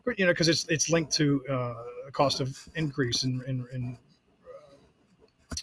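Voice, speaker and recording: A man explaining things in casual conversation, halting with many fillers and restarts. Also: mid-range voice, a bit bright. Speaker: podcast guest, vacation club owner. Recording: crowd noise behind.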